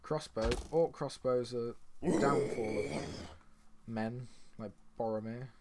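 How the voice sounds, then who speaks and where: A man's voice: medium pitch, slow, heavy background noise. A young man casually commenting on his own game as he plays, chatty and rambling, with sudden surprised outbursts. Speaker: gaming channel host. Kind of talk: casual let's-play commentary.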